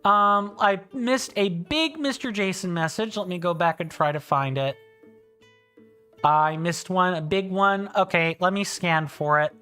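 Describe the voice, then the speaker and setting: Faint music sits behind a high, unhurried voice that is pushed, bright, and smooth. A South Carolina host in his thirties with a British-sounding accent runs a casual game livestream, reading chat in a friendly, rambling style packed with fillers and false starts.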